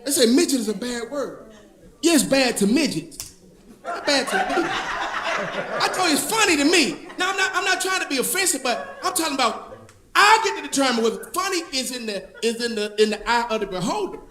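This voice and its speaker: A man performing stand-up on a club stage, his voice unusually high and swinging widely in pitch. He drawls through stories and shouts out the punchlines, and the room around him rings with echo and audience laughter. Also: sing-song, a little fast, noisy background. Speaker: stand-up comedian. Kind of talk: stand-up comedy set.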